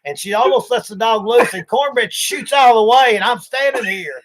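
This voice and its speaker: A man's voice: very high voice, brisk, background noise. A man, hosting a livestream and telling rambling, folksy stories, acting out the voices. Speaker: livestream host. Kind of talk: casual storytelling chat.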